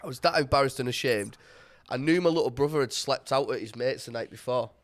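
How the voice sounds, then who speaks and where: A man's voice: mid-range voice, fast talker. A man, a podcast guest in a studio, telling a story in casual chat, swearing constantly and laughing as he goes.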